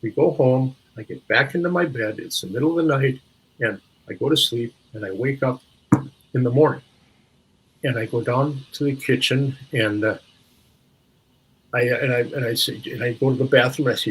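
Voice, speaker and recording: A man's voice: mid-range voice, normal speed, a bit bright, slight background noise, rough recording. An older man from Minneapolis, a guest on an interview show, recalling stories reflectively and searching for words with frequent restarts. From Minneapolis, USA. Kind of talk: reflective storytelling.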